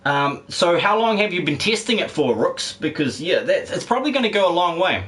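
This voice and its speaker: Sounding condescending, a livestreaming gamer reads out chat and rambles in a laid-back way, laughing often and swearing freely. His voice sits high and is slightly bright, with a sing-song lilt and a fairly quick pace.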